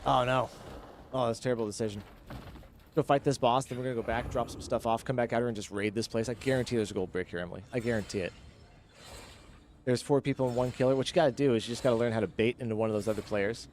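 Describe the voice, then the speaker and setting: A man streaming a game live, chatting with viewers and reacting excitedly as he plays. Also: mid-range voice, fast talker, a little hiss or hum. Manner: chatty, reads chat, excitable. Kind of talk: live gameplay commentary.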